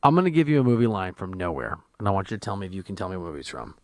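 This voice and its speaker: A man's voice: deep voice, rapid-fire, dry recording. A man co-hosting a sports radio show, teasing and joking in playful banter. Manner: animated, teasing, laughs a lot.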